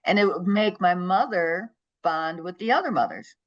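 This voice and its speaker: A middle-aged woman with a lowish voice tells a story as a podcast guest, dropping into the voices of the people she quotes. The recording sounds dull and lo-fi. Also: animated, moderate pace. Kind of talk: storytelling in an interview.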